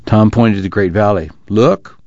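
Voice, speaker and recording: A man narrating a novel in a steady, measured reading, on a dull lo-fi recording. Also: deep voice, no echo. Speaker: audiobook narrator. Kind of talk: scripted narration.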